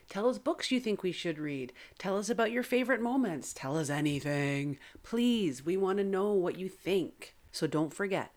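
A woman reading a scripted podcast promo in a pleading, sing-song way to listeners. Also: lowish voice. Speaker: podcast announcer.

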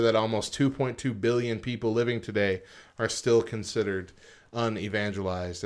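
Lower-voiced man reading stats on a podcast. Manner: reads figures from a list with frequent "uh" pauses, then comments informally. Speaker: podcast co-host. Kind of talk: casual podcast chat, reading statistics aloud.

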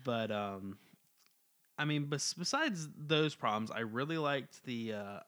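A man with a mid-range voice co-hosts a comic review podcast. He speaks in a casual, halting way and pads his opinions with fillers. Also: mid-range voice, big pitch swings, fairly bright tone. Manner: halting, with many fillers and backchannels. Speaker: podcast co-host.

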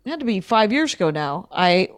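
A woman's voice: medium pitch, normal speed. A middle-aged woman, a comedian guest, telling chatty, wry stories with punchlines in a casual interview. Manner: chatty, wry, lively storyteller who tells stories with punchlines.

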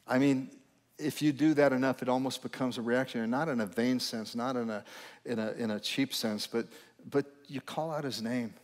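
A man's voice: mid-range voice, fairly even intonation, moderate pace. A man preaching as pastor, earnest and repeating his phrases, rising into fervent appeals as he invites people to pray. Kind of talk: sermon with altar call. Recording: long reverb with faint music.

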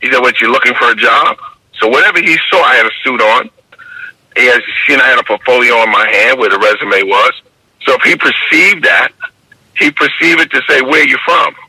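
An older man with a New York accent tells stories in a slow, measured interview manner. His voice is bright and husky, and it sounds dry and tinny, like it is coming over a phone line. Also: mid-range voice, lively intonation, no room sound. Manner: measured, repeats "you understand?". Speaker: guest, basketball referee mentor. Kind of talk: reflective interview storytelling.

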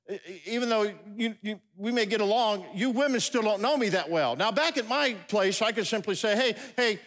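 A man's voice: high voice, a bit bright. A middle-aged man preaching a sermon, telling a comic story with asides and stumbling restarts. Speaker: pastor. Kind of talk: humorous sermon. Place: large church hall. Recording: long hall reverb.

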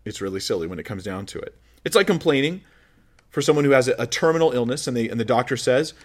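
A man's voice: medium pitch, lively intonation, racing. A male pastor giving a conversational sermon with joking asides, acting out the voices he quotes.

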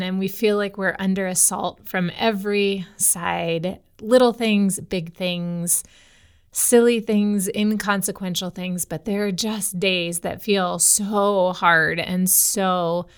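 A woman's voice: mid-range voice, clean tone. A woman pastor from the United States, tired today, speaking candidly in a conversational devotional podcast, telling a family story. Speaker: women's pastor.

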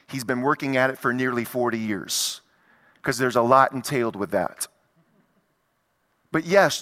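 A man's voice: mid-range voice, expressive, unhurried, sharp tone. A middle-aged man preaching a sermon to a congregation, emphatic and repetitive, building in intensity. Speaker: pastor. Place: church sanctuary. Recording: long reverb of a large hall.

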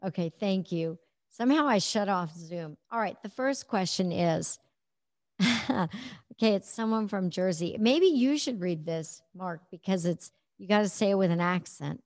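A woman's voice: mid-range voice, measured pace, darkish tone, dry recording, studio quality. A woman hosting a session, chatting casually and reading audience questions aloud. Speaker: host moderating questions. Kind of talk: casual moderation.

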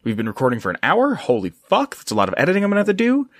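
A man's voice: a little high, wildly swooping pitch, rapid-fire. A man co-hosting a casual gaming lore podcast, rambling and swearing, with stumbling restarts. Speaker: podcast co-host.

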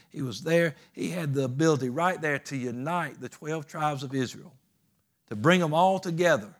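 A man's voice: a little high, normal speed. A man preaching a sermon as pastor, plainspoken and folksy, raising his voice for emphatic calls to the congregation.

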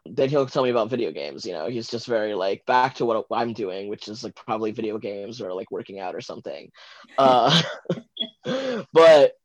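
A man's voice: lowish voice, normal speed, no room sound. A man from Los Angeles as a podcast guest, telling a personal story in casual chat, rambling with lots of fillers and giggles. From Los Angeles, USA. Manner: chatty, rambling, many fillers like "like" and "um"; giggly, animated when retelling moments. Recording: dull, dry lo-fi recording.

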